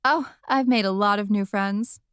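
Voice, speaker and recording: A woman's voice: mid-range voice, moderate pace, a bit bright, smooth, no echo, clean studio sound, close to an everyday voice. A woman voicing a scheming middle-aged witch who heckles, with a teasing, smug manner, in an audiobook reading. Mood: sly.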